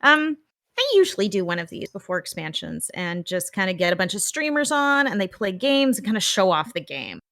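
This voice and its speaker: A woman co-hosting a casual gaming podcast, animated and enthusiastic, laughing easily. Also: medium pitch, a little fast. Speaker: podcast co-host.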